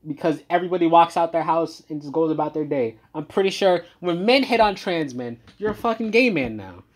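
A man giving a profane reaction rant, heated and swinging between loud outbursts and low muttering. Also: animated, brisk. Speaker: commentator.

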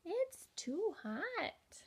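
A fussy little ladybug who always wants her nap, whining in a thin, high squeak that lifts well above a normal speaking voice, as a woman puts her on. She drags her complaints out slowly and a bit loudly, like a tired child in a storybook. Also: very animated, full character voice. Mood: complaining. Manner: whiny, complaining. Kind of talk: storybook read-aloud for children.

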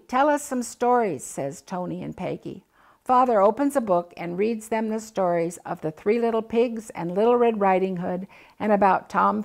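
An older woman with a gravelly, medium-pitched voice reads a children's picture book aloud, gently giving voices to the animals and the family.

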